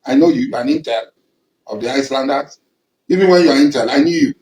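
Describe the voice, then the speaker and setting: A man's voice: medium pitch, fast talker, darkish tone, echoey room, rough recording. A man with a Nigerian accent giving an angry, accusing public statement, confronting someone directly and repeating his points. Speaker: militant leader addressing rivals.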